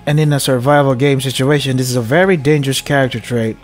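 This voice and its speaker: A man's voice: mid-range voice, fast talker, soft background music. A young man playing a game, reading its text aloud with loose, joking commentary and frequent laughs. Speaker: let's play host.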